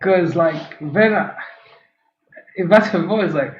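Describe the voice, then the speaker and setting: A man from Mauritius hosts a casual reaction video reviewing TikTok clips, mocking them sarcastically and swearing freely while switching between English and French. His voice is high and his pace slow, and the recording is echoey and muffled.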